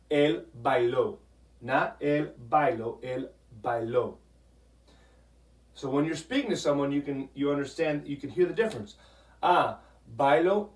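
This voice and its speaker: A man's voice: mid-range voice, distant mic. Man teaching Spanish verbs in an echoey room. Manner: patient, repeats "okay?" often, models pronunciation slowly. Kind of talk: classroom grammar lesson.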